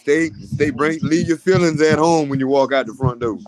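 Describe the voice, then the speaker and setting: A man's voice: a little high, normal speed, noisy background. A man in casual conversation, blunt and opinionated, swearing freely. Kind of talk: casual chat.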